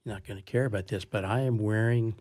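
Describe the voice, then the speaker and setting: Rambling low-voiced male sports host. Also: steady tone, fast talker, a little mellow. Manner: rambling, restarts often. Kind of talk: casual sports chat. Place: studio.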